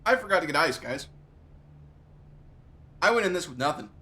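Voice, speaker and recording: A man's voice: fairly high pitch, big pitch swings, normal speed, bright, forceful tone, soft background music. A male streamer in pain from hot sauce, groaning, yelping and repeating himself with watering eyes. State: eyes watering, mouth burning. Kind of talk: live game stream chat.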